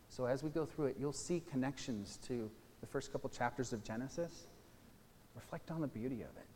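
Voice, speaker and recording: A man's voice: mid-range voice, darkish tone. A man preaching a sermon, teaching casually and a little self-deprecating, then reading scripture aloud with emphasis. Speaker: pastor. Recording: long hall reverb.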